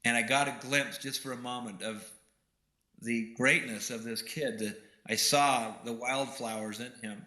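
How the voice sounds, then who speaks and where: Male keynote speaker, bright, forceful tone, earnest storytelling, echo of a big room. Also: medium pitch. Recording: roomy hall echo.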